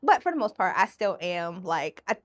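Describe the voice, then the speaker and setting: A woman hosting her own podcast in a casual solo monologue, animated and profane, often acting out other voices. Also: on the low side, normal speed. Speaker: podcast host.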